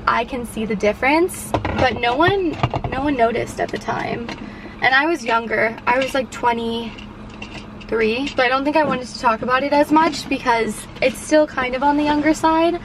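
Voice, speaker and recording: High-voiced chatty woman in her twenties. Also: fairly bright tone, slight background noise. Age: 20s. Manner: chatty, with frequent "like" fillers. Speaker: vlogger. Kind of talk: casual vlog chat.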